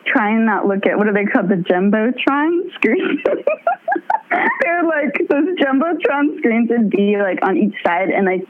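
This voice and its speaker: A young woman and touring musician chatting as an interview guest, bubbly and laughing often as she tells animated stories. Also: medium pitch, moderate pace. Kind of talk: casual interview chat. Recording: tinny phone-line audio.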